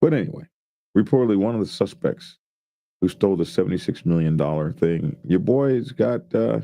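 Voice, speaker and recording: This man's warm, low voice carries lively intonation and some vocal fry at a normal speed. He casually reads headlines aloud, then riffs on them jokingly with his co-hosts as part of a news commentary chat.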